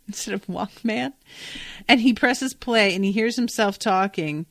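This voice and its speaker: A woman's voice: mid-range voice, expressive, a little slow, no echo. Woman, podcast host, casual recap, chatty, swears, lots of fillers, dry close mic.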